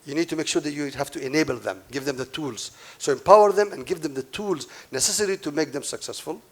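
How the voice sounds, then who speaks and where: A man's voice: fairly high pitch, fast talker, a bit bright. Emphatic man giving a keynote speech. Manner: emphatic, repeats key points, asides to the audience. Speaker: keynote speaker. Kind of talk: conference speech to an audience.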